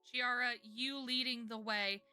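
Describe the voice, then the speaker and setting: A woman's voice: a little high, fairly even intonation, measured pace, bright, forceful tone, clear, resonant tone, soft background music. A woman narrating a tabletop game as game master, casual and often laughing.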